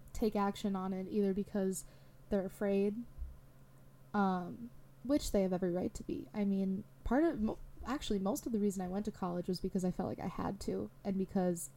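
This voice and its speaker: A young adult woman with a medium-pitched, dark voice hosts a solo podcast. She talks candidly and rambles, filling her speech with lots of fillers.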